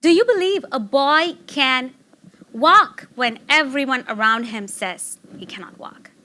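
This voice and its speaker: A middle-aged woman giving a personal storytelling talk, animated and laughing, acting out excited quotes. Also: sits high, a little slow. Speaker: speaker giving a public talk.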